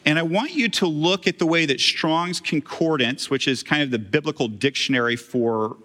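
A man's voice: fairly high pitch, normal speed, bright, forceful tone, big-room sound. A man preaching a sermon, conversational and self-deprecating, with friendly asides to the congregation. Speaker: pastor.

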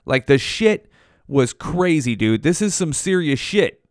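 A man's voice: fairly high pitch, expressive, unhurried, dry recording, studio quality. A man in his forties telling a story from his youth in a laid-back, casual way, swearing a lot and saying "dude" often.

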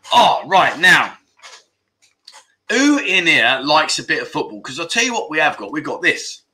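A man hosting a casual livestream, joking and grumbling in mock outrage as he reads out comments. His voice is very bright and forceful, and sits a little high for a man. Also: big pitch swings, measured pace, long pauses, a little hiss or hum. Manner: jokey, laughs often, mock-grumbling banter. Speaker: livestream chat show host. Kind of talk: casual livestream chat, reading viewer comments.

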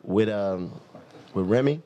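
A man's voice: fairly low pitch, dark tone. A man, hosting a podcast and joking around with his guests. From Brooklyn, New York. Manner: joking, quick interjections. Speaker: host. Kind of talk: casual podcast chat.

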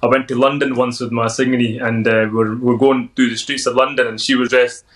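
A man's voice: medium pitch, little pitch movement, fairly quick, a little hiss or hum, rough recording. Scottish male guest, 30s, upbeat anecdotal storyteller, easy mid-range voice. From Scotland. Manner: upbeat, anecdotal, laughs often. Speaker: podcast guest. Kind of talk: casual interview storytelling.

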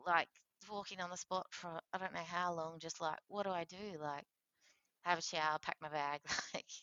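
Woman, animated storyteller, lower voice, dull lo-fi recording. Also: normal speed, no room sound. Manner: animated, acts out quoted voices, laughs often. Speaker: interview guest sharing her transplant story. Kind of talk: candid conversational storytelling.

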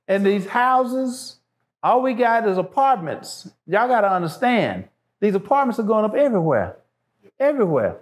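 This show guest has a high-pitched, sing-song voice and speaks at a measured pace, pausing often. He talks with passion and emphasis in a casual way, repeating himself to drive each point home.

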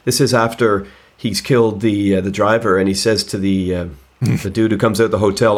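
Male podcast host, lowish voice, casual, rambling questions. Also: fairly even intonation, normal speed. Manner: leads the chat, asks long rambling questions. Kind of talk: casual film discussion.

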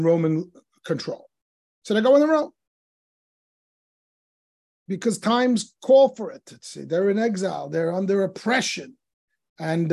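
A man, a rabbi teaching a Talmud class, telling stories in an animated way and acting out the dialogue of the sages. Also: high voice. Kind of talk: Torah class storytelling.

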